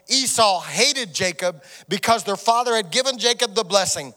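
A man's voice: high voice, brisk, hardly any pauses, bright, forceful tone, long reverb tail. A man preaching a sermon as pastor, leading a song and reading scripture to his congregation. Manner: leads congregation song, reads scripture aloud. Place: church sanctuary.

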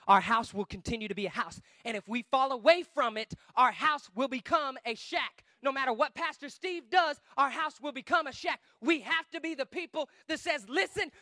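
A man preaching a guest sermon with emphasis, swinging between shouting and quiet asides. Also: very high-pitched, brisk, hardly any pauses, dry recording.

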